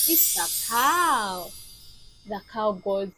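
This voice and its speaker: A woman teaching toddlers, speaking in a slow, sing-song, exaggerated way. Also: high voice, lively intonation, fairly bright tone, soft background music. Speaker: children's teacher. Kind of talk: toddler lesson.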